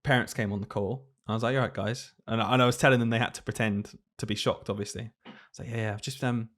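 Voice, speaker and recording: A young man telling a story in casual podcast chat, animated and laughing often. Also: lowish voice, quick pace. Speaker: podcast co-host, teacher.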